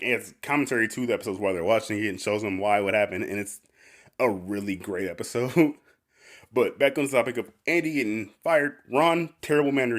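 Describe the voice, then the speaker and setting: A man hosting a podcast, casually recapping a cartoon, rambling with constant "like"s and frequent laughter. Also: lowish voice. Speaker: podcast host.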